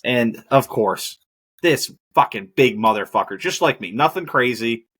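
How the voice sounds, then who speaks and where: A man's voice: medium pitch, lively intonation, measured pace, a bit bright, husky. A man hosting a podcast, ranting casually and profanely about air travel and movies. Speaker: podcast host. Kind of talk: casual monologue.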